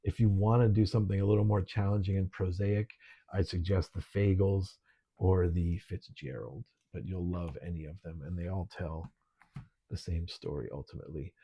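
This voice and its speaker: A middle-aged man teaching an online literature lesson, relaxed and conversational, with frequent ums. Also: deep voice, normal speed, breathy edge, lo-fi sound.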